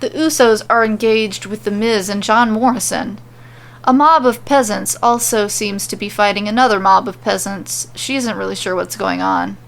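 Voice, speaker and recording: A woman podcaster reading fan fiction aloud in a steady, lightly wry narration. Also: medium pitch, moderate pace, vocal fry. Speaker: podcast storyteller.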